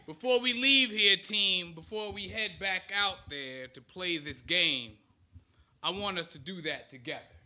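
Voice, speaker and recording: A man's voice: high-pitched, measured pace, bright, forceful tone. A man in his thirties giving a motivational speech to an audience, rousing them with call-and-response chants. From United States. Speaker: speaker.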